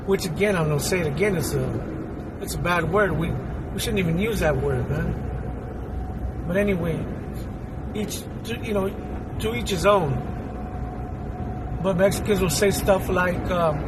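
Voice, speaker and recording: High-voiced man over traffic noise. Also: measured pace, pauses often. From Houston, Texas. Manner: rambling, blunt, streetwise, repeats himself. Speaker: YouTuber reacting to a clip. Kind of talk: casual spoken commentary.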